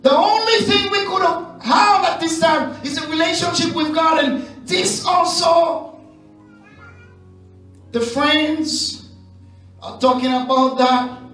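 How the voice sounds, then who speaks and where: Haitian-accented male pastor, high voice, very slow delivery, shouted and sung cries dropping to hushes, echoey hall from far off, music behind. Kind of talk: sermon.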